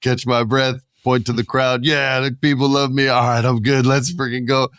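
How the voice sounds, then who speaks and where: A man's voice: medium pitch, flat delivery, moderate pace, a bit bright, clean tone, no echo, clean studio sound, voice pushed up, close to an everyday voice. A man putting on the voice of a brash, swaggering male pro wrestler in a casual podcast chat. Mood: hyped. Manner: brash street-talking bravado.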